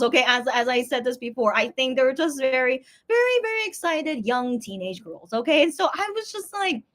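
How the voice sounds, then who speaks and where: Rambling woman vlogger, chatty and animated. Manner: rambling, heavy use of "like" and "okay?", acts out others in high squeals. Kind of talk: casual storytelling chat.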